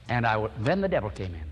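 An older male pastor telling a personal story as a fervent, lively sermon. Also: on the low side, breathy edge, big-room sound.

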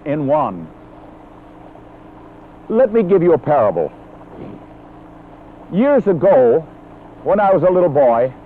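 A man delivers a sermon in an earnest, emphatic way, his voice pitched high and swinging widely in tone. The old recording sounds thin and phone-like, with a faint hiss underneath. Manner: earnest, emphatic, quotes scripture. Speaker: preacher.

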